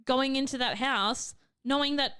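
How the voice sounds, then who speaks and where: A woman's voice: sits high, normal speed, fairly bright tone, clean tone, dry recording, studio quality. A young woman co-hosting a casual chat podcast, agreeable and giggly, with hiccups. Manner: agreeable, giggly, brief replies. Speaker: podcast co-host.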